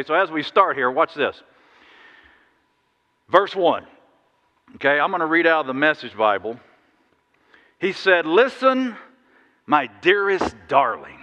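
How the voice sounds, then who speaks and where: A man preaching a sermon, telling stories in a lively, animated way with sudden loud bursts. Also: on the high side. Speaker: pastor. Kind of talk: sermon with storytelling. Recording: dull sound in a big reverberant hall.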